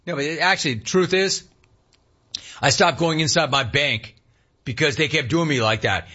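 A man in his fifties hosting a call-in talk radio show, ranting with animated energy and mocking voices. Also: moderate pace, long pauses, slightly rough, lo-fi sound. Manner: animated ranting, mocks cheerful clerks in a high voice. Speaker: radio talk show host taking calls.

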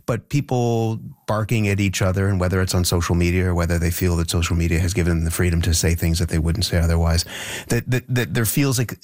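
Deep-voiced male interviewer, dry sound. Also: steady tone, a little mellow, no echo. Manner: measured, probing, with repeated words. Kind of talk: interview questions.

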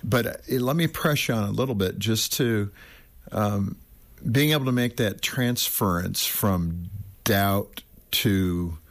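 A man hosting an interview, asking relaxed, probing questions of his guests. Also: fairly low pitch, takes it slowly. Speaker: interview host. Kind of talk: radio-style interview.

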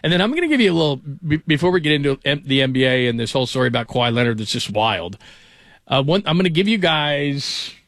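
A man hosts a sports talk radio show from a studio, chatting loosely and hopping from one story to the next. His voice sits at an ordinary middle pitch. The sound is dry, with no room echo. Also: big pitch swings, quick pace, a bit bright. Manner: rambling, chatty, jumps between stories.

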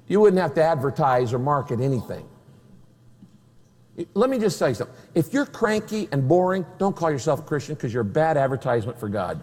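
Animated high-pitched male pastor preaching. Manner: emphatic, rhetorical questions, wry humor. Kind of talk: sermon. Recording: long reverb of a large hall.

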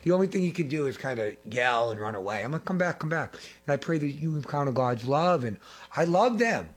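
A middle-aged man preaching a fervent sermon, repeating phrases and swinging between loud and hushed. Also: on the high side, expressive, fairly quick, slightly rough. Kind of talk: impassioned sermon.

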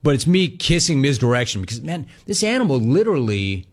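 A man hosting a sports talk show, telling a personal story in a loose, casual monologue. His pitch moves a lot, rising and falling as he gets into it. He mimics other people's voices when quoting them. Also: a little fast. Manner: animated storytelling, mimics callers and others in quotes. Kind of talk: casual radio-style monologue.

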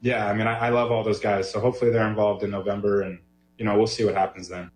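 A deeper-voiced baseball player speaks haltingly, restarting his sentences as emotion builds. The clip sounds roomy, with a faint hum behind him. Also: little pitch movement, a little mellow. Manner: halting, emotional, many restarts and "you know". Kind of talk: interview clip.

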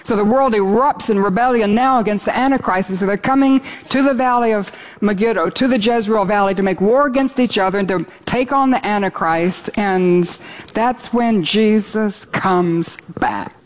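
An earnest woman preacher delivering a sermon, her voice sitting at a middle pitch. She talks steadily and lifts to an exultant tone as she reads scripture. Her delivery stays fervent and sincere. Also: moderate pace. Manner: earnest, rising to exultant when reading scripture.

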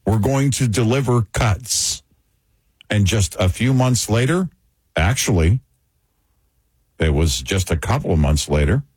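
A man hosting a political talk show, speaking in a frustrated, emphatic way with a husky voice. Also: fairly low pitch, a little mellow, dry recording.

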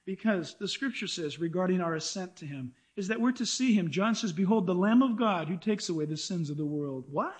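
Middle-aged male preacher, very high voice, animated sermon delivery, plays out quotes. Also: fairly quick, few pauses. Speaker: pastor.

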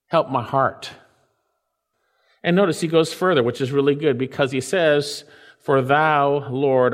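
A pastor preaching a sermon, swinging between loud and soft and slowing down to stretch out quoted scripture. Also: male voice, mid-range voice, long reverb tail.

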